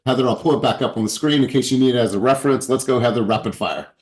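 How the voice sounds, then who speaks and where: A man's voice: mid-range voice, rapid-fire. A man hosting a motivational group video call, encouraging and upbeat in a pep-talk way.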